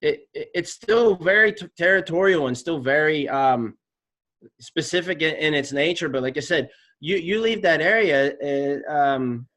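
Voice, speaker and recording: Male guest, a touch high-pitched, halting and wry, casual tipsy chat. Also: lively intonation, fairly bright tone. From Pittsburgh area. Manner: hesitant, many fillers and restarts, wry.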